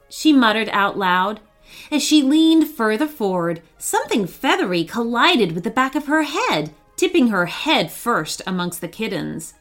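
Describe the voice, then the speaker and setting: A woman narrating a children's story in an expressive, animated way. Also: medium pitch, measured pace, soft background music.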